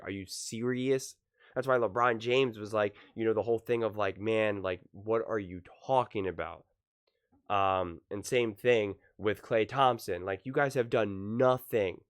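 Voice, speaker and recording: A man's voice: on the low side, smooth, no room sound, clean studio sound. A young man hosting his own sports commentary channel, giving emphatic solo opinions and punching out quoted lines from players. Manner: animated, emphatic, quoting players in punchy voices.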